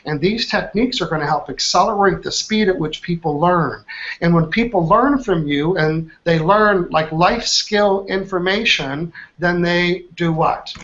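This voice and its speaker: A man leading a live online training, energetic, quizzing his group with questions. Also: high voice, measured pace. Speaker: trainer, workshop host. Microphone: online video call. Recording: dull lo-fi call audio.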